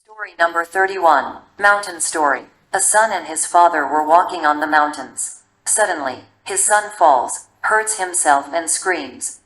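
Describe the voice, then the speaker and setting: Low-voiced woman narrating stories. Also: expressive, moderate pace, fairly bright tone. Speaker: story narrator. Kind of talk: storybook narration for learners. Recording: echoey room.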